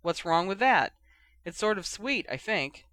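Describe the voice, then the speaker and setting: A man's voice: sits high, big pitch swings, measured pace, sharp tone, no room sound, voice pushed up, full character voice. A man reading aloud who voices Bill, a confident young man who speaks with an authoritative, reassuring manner.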